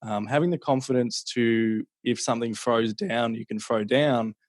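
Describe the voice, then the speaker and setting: A man hosting a podcast interview, talking in a relaxed, reflective way. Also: mid-range voice, moderate pace, dry recording, clean studio sound. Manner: relaxed, reflective, offers takeaways. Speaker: podcast host. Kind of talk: casual interview.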